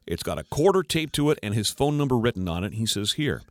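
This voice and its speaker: A man's voice: mid-range voice, fast talker, dry recording, clean studio sound. A man, a radio co-host telling a family anecdote and acting out the voices in it. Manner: animated storyteller acting out voices. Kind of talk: casual radio chat.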